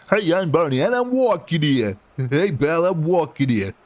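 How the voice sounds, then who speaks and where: Brief Male streamer doing high, swooping, slow cartoon impressions, hammy and sing-song. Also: big pitch swings, a bit bright, no echo, heavily acted. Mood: silly. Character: goofy high-pitched cartoon-style character voices, loud and hammy.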